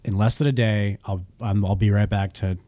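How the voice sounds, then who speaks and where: A young man with a lowish voice talking casually and candidly. He rambles a little and drops swear words easily. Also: steady tone, moderate pace, warm tone, dry recording. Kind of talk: casual chat.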